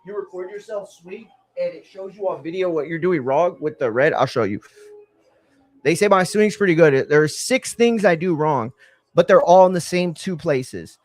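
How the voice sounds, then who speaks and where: A man's voice: a little high, animated, normal speed, darkish tone. Slangy, rambling male stream host. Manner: rambling storyteller, slangy, says "bro" a lot. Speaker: livestream watch-along host. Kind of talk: casual live-stream chat.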